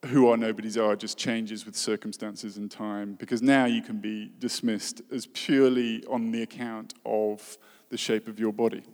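A man's voice: fairly low pitch, little pitch movement, normal speed, darkish tone. A man preaching a sermon in an earnest tone, with dry humor and rhetorical questions. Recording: reverberant hall.

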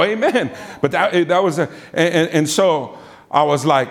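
A man preaching with an animated, storytelling delivery. His voice sits a bit higher than most men's, and he jumps up in pitch when he acts out other people's lines. He punctuates his sentences with "amen.". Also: moderate pace. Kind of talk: storytelling sermon.

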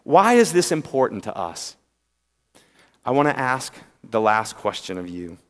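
A man with a Southern accent preaching a sermon, drawing out key words with pauses and swinging between loud emphasis and hushed tones. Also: medium pitch, sing-song. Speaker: pastor. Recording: long hall reverb.

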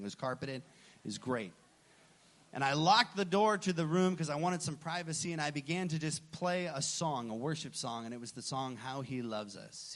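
A pastor in his thirties preaches a sermon, recounting a personal story and acting out the dialogue with lively energy. His voice sits fairly high.

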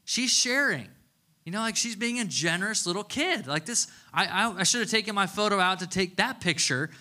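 A man in his thirties preaches in a relaxed, conversational way, telling stories with a playful sense of humor. His voice sits a little high for a man. It has a bright, forceful edge. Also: fairly quick. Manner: casual, chatty storytelling with playful humor. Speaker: pastor. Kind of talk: conversational sermon.

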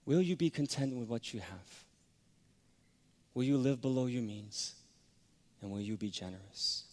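A man preaching a sermon, telling a personal story that swings from hushed to loud. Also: mid-range voice, measured pace, slight background noise. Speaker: pastor. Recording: long hall reverb.

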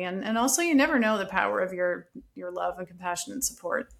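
A middle-aged woman talks in an earnest, reflective way, with a voice that sits a little low. She tells a personal story in a relaxed conversational podcast style. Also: fast talker, gravelly, few pauses. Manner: earnest, reflective, animated telling. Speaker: guest.

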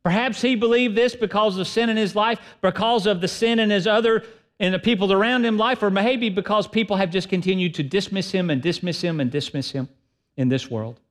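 A man's voice: sits high, brisk. Emphatic male pastor preaching. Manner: emphatic, swings between loud and soft. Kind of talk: sermon.

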